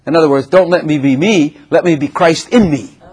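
An older man preaching a sermon to a congregation, animated and exhorting, often acting out prayers in his own voice. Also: a little high, a little fast, breathy edge.

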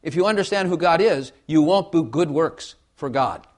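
Preacher guy, kinda high voice, folksy, keeps asking for amens. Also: expressive, normal speed. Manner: folksy, repeats phrases, asks the congregation for amens. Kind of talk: sermon.

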